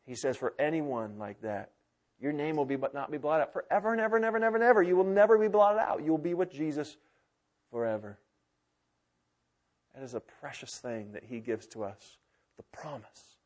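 Impassioned preacher, man, higher voice. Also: fairly quick. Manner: impassioned preaching, swinging from loud urgency to hushed intimacy. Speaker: pastor. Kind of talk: sermon. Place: church sanctuary with congregation.

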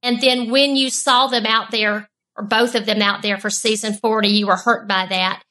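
A woman's voice: medium pitch, fairly even intonation, moderate pace, bright, forceful tone, poor audio. A woman co-host of a casual interview, politely asking long, careful questions.

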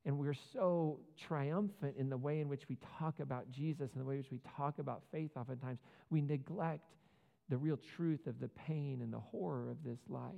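A pastor preaches in an earnest, conversational way, dropping casual asides and rhetorical questions for the congregation. His medium-pitched voice has vocal fry and moves at normal speed, and the recording is muffled with long hall reverb.

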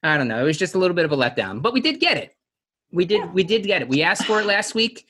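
A man's voice: high voice, very animated, quick pace, bright, forceful tone, slightly rough. A man co-hosting a casual podcast chat, rambling through his thoughts, laughing often and acting out quotes. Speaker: podcast co-host. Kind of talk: casual chat recapping a TV episode.

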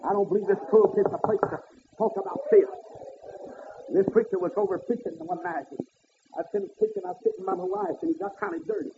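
High-voiced man preaching, tinny old tape. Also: sing-song, quick pace, background noise. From American South. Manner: preachy, swings to high shouted peaks. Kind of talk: fiery sermon.

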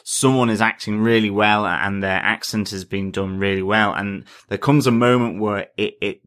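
A man's voice: fairly low pitch, steady tone, moderate pace, fairly bright tone. A man co-hosting a podcast, reviewing a movie in an earnest, thoughtful way with some hesitations. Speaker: podcast co-host. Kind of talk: casual movie review chat.

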